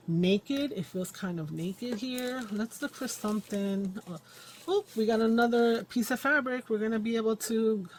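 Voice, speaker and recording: A woman's voice: on the high side, a little hiss or hum. A woman hosting a casual crafting vlog, rambling to herself as she works at her craft table at home. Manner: rambling self-talk while working with her hands. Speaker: crafting channel host.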